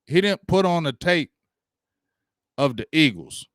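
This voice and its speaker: Guy on his sports livestream, hyped up, lots of slang, shouting out chat names, dry mic. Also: a little high, expressive, a little slow, no room sound. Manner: hyped, slangy, greets viewers by name. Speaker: sports talk livestream host.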